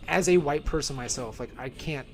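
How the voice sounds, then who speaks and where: A man's voice: on the high side, a little fast, a little mellow, slight background noise. A man talking casually while playing a video game, rambling and correcting himself as he thinks aloud, wearing headphones. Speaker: video game streamer reviewing films. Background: faint game music.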